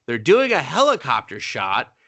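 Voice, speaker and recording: Bright-voiced sarcastic man reviewing a movie. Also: mid-range voice, huge pitch swings. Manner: sarcastic, profane, acts out scenes in quick mock voices. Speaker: podcast co-host. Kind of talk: casual movie review chat.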